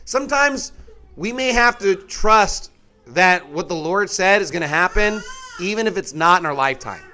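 A middle-aged man preaching a sermon in a folksy, animated way, with mocking asides and a conversational tone. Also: high-pitched, normal speed.

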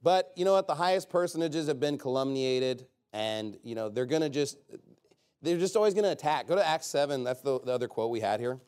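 A man's voice: mid-range voice, fairly quick, darkish tone, clean tone. A man preaching an informal sermon in a sarcastic, rambling way with joking asides.

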